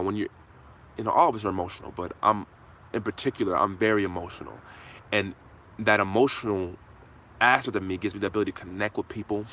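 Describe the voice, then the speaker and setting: A man's voice: lowish voice, fairly bright tone, a little hiss or hum. Impassioned man giving a live pep talk. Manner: impassioned, repetitive, casual "man" fillers. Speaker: channel host answering viewers. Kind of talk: live motivational Q&A.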